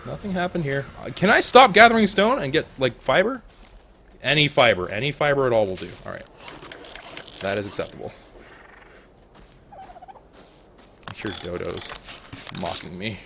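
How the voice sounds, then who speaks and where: Young man, gaming commentary, lively swooping pitch, excitable and jokey, faint background hum. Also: moderate pace, gravelly. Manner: excitable, jokey, talks to the animals. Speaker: gaming YouTuber. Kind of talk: let's play commentary.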